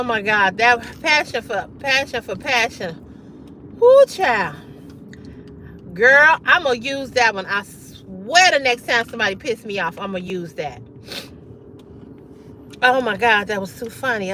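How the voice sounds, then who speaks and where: A woman hosts a casual livestream, answering viewers and reading their comments aloud. Her higher voice swings widely in pitch, and she talks at an unhurried pace. She often breaks into loud laughter. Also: slight background noise. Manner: animated, reads comments aloud and reacts. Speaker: livestream host.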